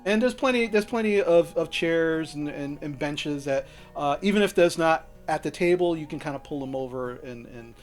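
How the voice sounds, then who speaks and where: A man's voice: a little high, lively intonation, normal speed, few pauses, soft background music. A man running a tabletop game as game master, narrating loosely with restarts and casual swearing.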